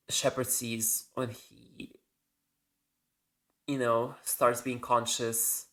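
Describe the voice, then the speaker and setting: A man's voice: medium pitch, sharp tone. A man hosting a casual solo podcast, rambling and correcting himself as he goes, with the odd casual swear. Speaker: podcast host.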